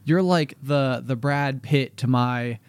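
A man's voice: medium pitch, slow, clean tone, no echo. A young man hosting a podcast in casual chat, rambling and full of "like" fillers. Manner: rambling, lots of "like" fillers, laughs easily. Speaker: podcast host.

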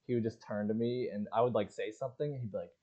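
A young man co-hosting a podcast, telling animated stories in casual chat and acting out his friends' lines. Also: lowish voice, fast talker, lo-fi sound. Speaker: podcast co-host.

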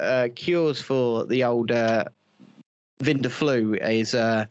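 A man's voice: a little high, dull audio, slight background noise. A man hosting a casual comedic chat show, profane and mocking, rambling with many restarts. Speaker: show host.

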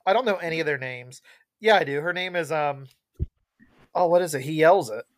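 A man's voice: a little high, fairly quick, no room sound. Chatty man, dry sound. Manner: rambling, animated storyteller. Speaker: podcast co-host. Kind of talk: casual chat.

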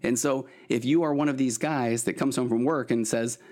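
Speaking at a normal pace in a steady, darkish mid-range voice, a middle-aged man gives advice on his own podcast. He's a therapist, and his earnest monologue rambles with many restarts.

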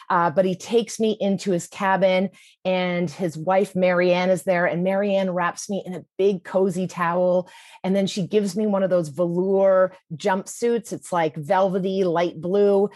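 A woman's voice: fairly low pitch, a little mellow, no room sound, studio quality. A woman telling a personal story in a vivid, comic, present-tense way. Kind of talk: personal story told to an audience.

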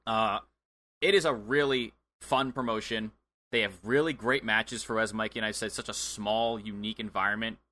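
An enthusiastic man co-hosting a podcast in casual chat. His voice is bright and forward. He fills his pauses with hesitant "uh"s. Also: on the low side, fairly even intonation. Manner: enthusiastic, chatty, hesitant fillers. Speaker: podcast co-host.

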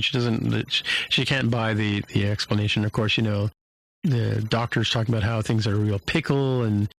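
A man's voice: on the low side, steady tone, moderate pace, a bit bright, rough recording. A man in casual podcast chat, recapping a show with a rambling flow of fillers and restarts.

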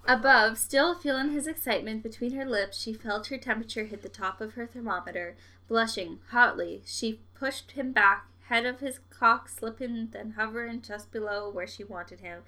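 Bright-voiced young woman reading aloud. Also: on the high side. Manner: reads in a slow, deliberate cadence, breaking into giggles. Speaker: podcast co-host reading a story aloud. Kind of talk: reading aloud on a livestream, with joking asides.

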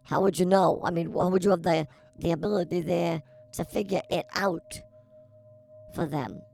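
A man co-hosting a comedy podcast, reading listener questions slowly with playful teasing. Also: a little high, steady tone, vocal fry, darkish tone.

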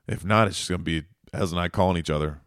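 A man's voice: sits low, fast, fairly bright tone, smooth, no room sound, clean studio sound. A man hosting a podcast, giving a casual update in a rambling, jokey way that keeps wandering off on tangents. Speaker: podcast host.

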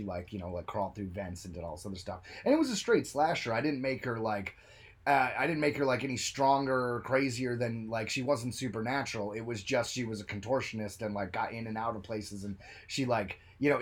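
A man co-hosting a podcast in casual chat, animated and jokey, who talks about his own film work. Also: lowish voice, breathy edge. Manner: animated, jokey, bursts into silly voices. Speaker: podcast co-host.

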